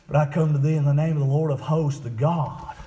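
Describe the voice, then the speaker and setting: High-voiced preacher, booming. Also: male voice, a little fast, roomy sound, far from the mic, lo-fi sound, slight background noise. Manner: rhythmic, swings from quiet to shouting. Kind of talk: sermon. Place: church.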